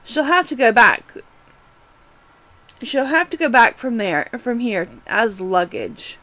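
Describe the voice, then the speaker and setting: A woman's voice: a little high, lively intonation, takes it slowly, fairly bright tone. A woman reading aloud and voicing a fussy, self-important beetle on a train.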